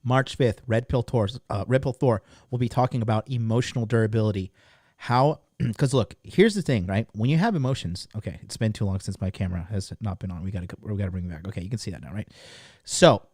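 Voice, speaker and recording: A thirties-aged podcast host promotes a course in a casual monologue, his mid-range voice moving a little fast over a dry, studio-quality recording. He's blunt and profane, packing in "like" fillers while staying animated and emphatic.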